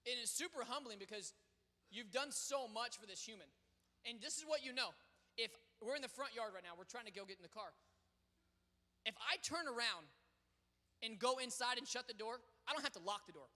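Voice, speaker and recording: A young man preaching a sermon as pastor, swinging between loud proclaiming and quiet storytelling. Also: extremely high pitch, lively intonation, fairly quick. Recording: long reverb of a large hall.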